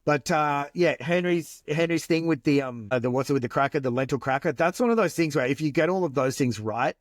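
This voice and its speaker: A man's voice: a little high, fairly quick, no echo, studio quality. A man co-hosting a podcast, rambling in casual chat and swearing now and then. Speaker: podcast co-host.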